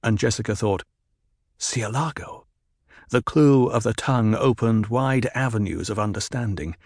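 Gravelly male audiobook narrator. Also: lowish voice, normal speed, a little mellow, no room sound, studio quality.

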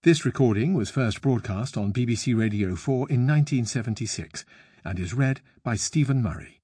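A man with a mellow, somewhat husky voice introduces a radio programme in a formal, informative way. He sits close to the mic in a dry studio. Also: medium pitch, lively intonation, normal speed, dry recording. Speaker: announcer.

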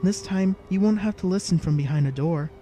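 A man voicing a discreet young female handmaiden who speaks in a hushed, kindly way. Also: high voice, fairly quick, faint music behind, close to an everyday voice. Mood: inviting.

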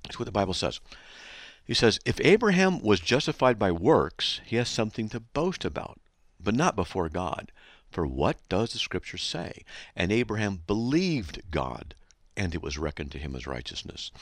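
A man's voice: low voice, no room sound, studio quality. A man hosting a Christian radio show and reading listener mail aloud, emphatic and argumentative, with a sarcastic edge. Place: radio studio.

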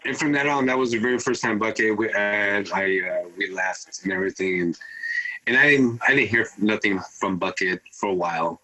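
Man, 50s, turntablist guest, low voice with a forceful edge, loose rambling storyteller. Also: moderate pace, poor audio. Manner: rambling, animated retelling with acted-out quotes. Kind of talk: casual storytelling.

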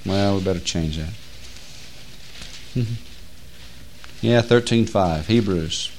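A male preacher giving a sermon, moving between quiet, low explanation and loud, rising emphasis, slowing words down to stress them. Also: slight background noise.

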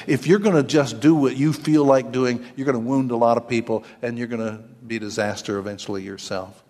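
A man's voice: mid-range voice, fairly even intonation, a little fast, hardly any pauses, darkish tone. Folksy preacher in his sixties, church reverb. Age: 60s. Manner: folksy, joking preacher with homespun asides. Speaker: pastor. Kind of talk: sermon.

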